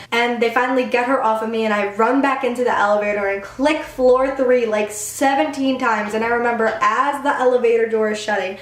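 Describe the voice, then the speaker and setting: Chatty young woman in a roomy echo. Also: on the high side. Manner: chatty, lots of "like" fillers. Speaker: YouTuber. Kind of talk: casual storytime vlog.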